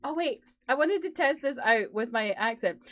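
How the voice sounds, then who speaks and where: A woman's voice: on the high side, lively intonation, moderate pace, fairly bright tone, no room sound. A woman streamer with a British accent that drops her T's, chatting casually and giggling between games at a desk microphone. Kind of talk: casual live-stream chat. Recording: faint music behind.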